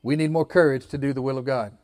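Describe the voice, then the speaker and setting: A man's voice: medium pitch, steady tone, quick pace, a little mellow, no room sound, studio quality. A man preaching a sermon as pastor, building emphasis and leading the congregation in call-and-response.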